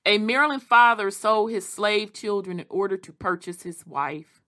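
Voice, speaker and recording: A woman reading history aloud and adding animated, casual commentary. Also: medium pitch. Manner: animated, quick asides, Southern Black vernacular.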